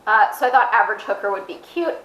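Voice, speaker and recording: A woman's voice: medium pitch, lively intonation, quick pace, a bit bright, roomy sound, slight background noise, poor audio. A woman vlogging casually to an action camera at home, chatty and self-mocking, rambling as she talks. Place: indoors at home, with her dog nearby. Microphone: camera mic, fisheye action camera.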